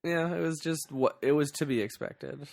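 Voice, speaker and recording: A man co-hosting a casual movie review podcast, animated and giggly. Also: a little high, moderate pace, gravelly, no echo. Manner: animated, giggly, playful banter. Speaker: podcast co-host.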